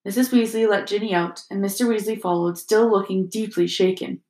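A woman's voice: mid-range voice, steady tone, fairly quick, a little mellow. Woman reading a storybook aloud. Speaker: audiobook reader. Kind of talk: storybook narration. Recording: roomy echo.

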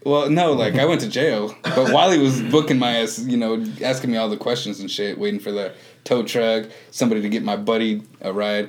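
A man telling stories in a casual podcast chat, laid-back and profane. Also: on the low side. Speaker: comedian guest.

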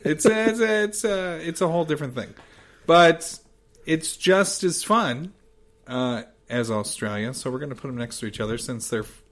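Guy co-host, bit high voice, chatty and upbeat, trips over starts. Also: normal speed, fairly bright tone. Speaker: podcast co-host. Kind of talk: casual chat.

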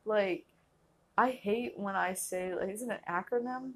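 A woman's voice: mid-range voice, a little slow. A young woman hosting a casual solo podcast, rambling and laughing often, filling her talk with "like". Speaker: podcast host.

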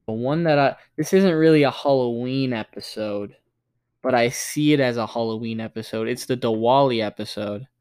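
Smooth-voiced, gushing casual male podcaster. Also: medium pitch, normal speed, a little mellow. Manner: enthusiastic, rambling, gushing. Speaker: podcast co-host. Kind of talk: casual chat.

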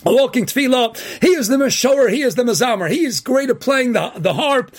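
A man giving an impassioned Torah sermon as a rabbi, often shouting and firing off rhetorical questions, with Hebrew and Yiddish terms mixed into his English. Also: very high-pitched, expressive, fairly quick.

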